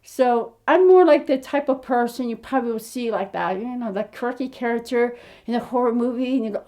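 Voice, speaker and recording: This American aspiring actress and vlogger in her fifties chats to camera about her acting journey in a fairly high, mellow voice at a brisk pace. Her storytelling wanders in a quirky way, and she keeps restarting.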